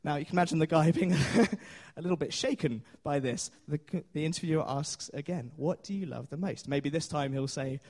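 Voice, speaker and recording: A man's voice: fairly high pitch, moderate pace, hardly any pauses, darkish tone. Guy preaching, casual and chatty, lots of ums, tells a story. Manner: chatty storytelling with fillers and laughs. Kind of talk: sermon.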